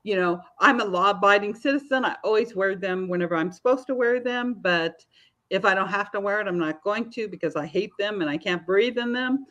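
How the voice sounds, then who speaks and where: A woman in her fifties appears as an author guest on a podcast, chatting casually, telling stories and laughing often. Her voice sits in the mid range, a little fast and somewhat bright.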